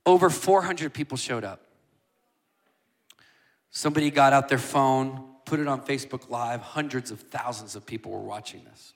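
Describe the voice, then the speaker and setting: A man preaching a passionate sermon as a guest speaker, building from quiet asides up to shouting. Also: medium pitch. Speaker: guest preacher and worship leader.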